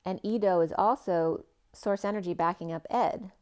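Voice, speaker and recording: A woman giving a spiritual tarot reading in a rambling, free-associating way, with many fillers and phrases that trail off, sometimes drawing words out slowly. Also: medium pitch, a little mellow, smooth. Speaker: tarot reader.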